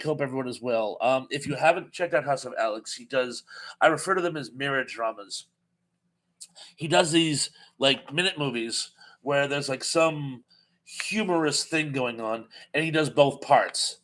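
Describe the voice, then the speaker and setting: A man hosting a live chat, reading out viewer comments and answering them in a casual, chatty way with many pauses and fillers. He is losing his voice. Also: mid-range voice, a bit bright. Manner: reads viewer comments aloud and responds, chatty with frequent "uh".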